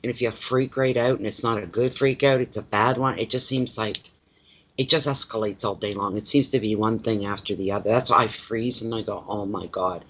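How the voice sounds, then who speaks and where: A man, a card reader chatting casually on a livestream from home, expressive and quick to laugh, greeting viewers by name. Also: on the low side. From Atlantic Canada.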